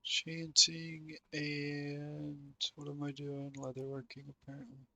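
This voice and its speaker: A man's voice: a little high, completely flat delivery, slow pace, creaky, bright, forceful tone, dry recording. A young man streaming a game, chatting casually with slang and frequent laughs. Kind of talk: casual gameplay chat.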